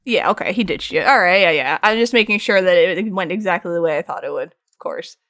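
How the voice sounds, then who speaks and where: Her stream mixes painting with casual chat: a woman in her thirties recounts stories, voices the people in them, and breaks into laughter a lot. The voice is fairly low and a little fast, with studio quality and no echo.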